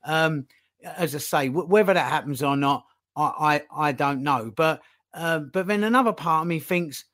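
A man talking casually as a podcast guest, animated, acting out little dialogues as he makes his point. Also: on the high side, normal speed. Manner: animated, acts out phone calls in put-on voices.

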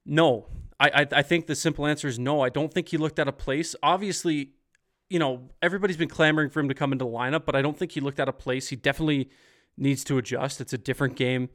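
A man's voice: on the high side, steady tone, fast talker, a bit bright. A man hosting a casual post-game hockey stream, reading viewer comments in an upbeat, chatty way. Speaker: podcast host.

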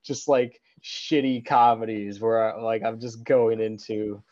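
A man's voice: lowish voice, fairly even intonation, unhurried, a little mellow, dry recording, muffled recording. A man co-hosting a podcast in casual chat, joking and teasing his co-host.

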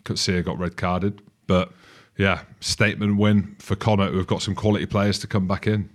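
A man's voice: low voice, level tone, normal speed. A man in his forties co-hosting a rugby podcast, joking and teasing his way through casual analysis. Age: 40s. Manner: jokey, teasing. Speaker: podcast co-host.

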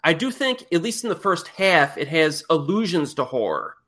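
A man with a fairly high, bright and forceful voice hosts a laid-back film podcast. He rambles happily through plot recaps, circling back and restarting as he goes. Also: big pitch swings, normal speed. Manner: enthusiastic rambling plot retelling. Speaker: podcast host. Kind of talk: casual movie discussion.

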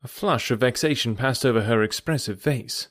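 In studio-quality audio without echo, a man narrates a classic novel for an audiobook. His delivery is scripted, mid-range, and paced like measured storytelling.

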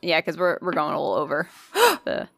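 A woman's voice: low-pitched, wildly swooping pitch, moderate pace, vocal fry, fairly bright tone, no room sound, clean studio sound. A woman co-hosting a podcast, chatting casually in a blunt, emphatic and sweary way. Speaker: podcast co-host. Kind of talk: casual chat.

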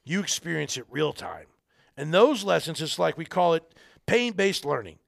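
Gravelly-voiced middle-aged man, earnest. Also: on the high side, big pitch swings, normal speed, no room sound, studio quality. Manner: earnest, rambling, folksy. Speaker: podcast guest, army veteran. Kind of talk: casual interview talk.

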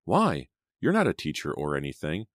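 An eager teenage girl, once shy and now sure of herself on stage, comes through in this storybook reading, with a man raising his voice well above his own low register. Her lines sound breathless and excited. The sound is dry and close. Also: normal speed, dry recording, heavily acted. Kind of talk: audiobook character reading.

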